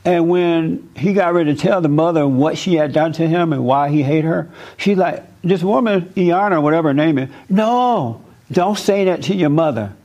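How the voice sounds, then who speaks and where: A man's voice: fairly high pitch, moderate pace, hardly any pauses, a little mellow. Emphatic preachy man counselor, lo-fi sound. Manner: emphatic, preachy, repeats words for stress. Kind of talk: spiritual counseling talk.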